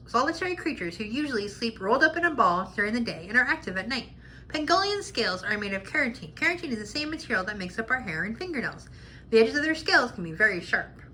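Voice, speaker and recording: Lady reading a kids picture book, bright high lively voice, faint hiss behind. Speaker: children's book reader.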